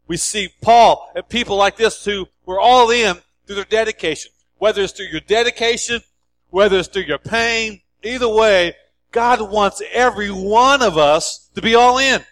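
A man's voice: high-pitched, normal speed, fairly bright tone. A male pastor preaching a sermon in an emphatic, repetitive style.

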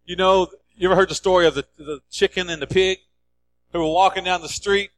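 High-voiced emphatic male preacher. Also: steady tone, brisk, a bit bright, no echo. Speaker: pastor. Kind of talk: sermon.

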